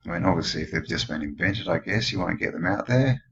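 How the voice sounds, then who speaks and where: An Australian man with a very low, deep voice comments in a loose, rambling way, throwing out questions as he goes. The sound is dull and lo-fi. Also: lively intonation, fast talker, vocal fry, a bit bright, a little hiss or hum. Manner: rambling, musing, full of questions. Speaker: channel host. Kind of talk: casual commentary over old photos.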